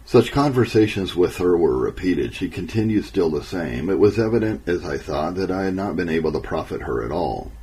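A man narrating an old memoir in a measured, earnest and solemn way. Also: low-pitched, sing-song, warm tone, a little hiss or hum, poor audio.

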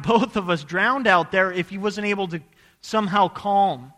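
A man from Idaho preaching a sermon, telling a personal story in an earnest voice that rises to loud, urgent bursts. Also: high-pitched, moderate pace, big-room sound.

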